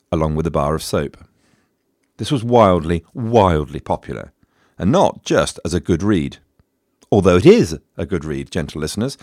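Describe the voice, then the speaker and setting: A man's voice: dry recording, studio quality. A man hosting a history podcast, telling the story in a wry, scripted narration with playful asides. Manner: wry, playful asides, lively swings in pitch.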